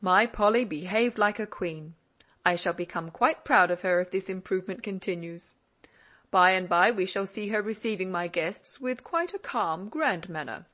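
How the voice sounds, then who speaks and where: A woman's voice: medium pitch, normal speed, close to an everyday voice. A woman voicing an older Scottish father who indulgently teases his daughter in an audiobook. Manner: indulgent and gently mocking. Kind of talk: audiobook character reading.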